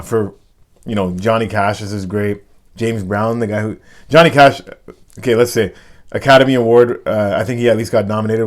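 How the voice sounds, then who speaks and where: 気さくに毒舌を交えて話す男性ホスト. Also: male voice, fairly low pitch. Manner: loose, joking, swears freely. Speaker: podcast host. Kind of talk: casual chat.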